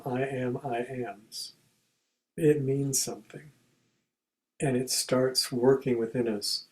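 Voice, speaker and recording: A man giving a contemplative spiritual talk in a conversational way, acting out everyday examples as quoted speech and going soft and quiet on key phrases. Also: medium pitch, poor audio. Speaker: spiritual teacher and speaker.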